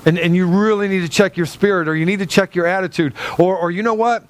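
A man's voice: sits high, steady tone, fast. A middle-aged man, a pastor, preaching a sermon in a loose, conversational way, often restarting his sentences and acting out the voices of people he quotes.

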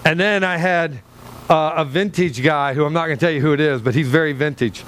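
A male pastor preaching a sermon from a low stage in a church, animated and joking with the congregation. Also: brisk, slight background noise. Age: older than 37. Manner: animated, humorous, talks straight to the congregation.

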